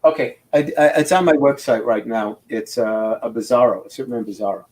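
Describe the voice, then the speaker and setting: An older man who works as a comic book inker, talking casually over a video call in a rambling, animated way, full of restarts. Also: medium pitch, brisk.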